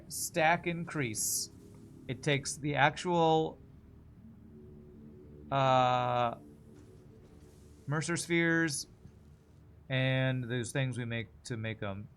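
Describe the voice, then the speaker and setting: A young adult man streaming a game, chatting casually and thinking out loud as he plays. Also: mid-range voice, slight background noise. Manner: chatty, thinks aloud, quick laughs. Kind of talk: casual gameplay commentary.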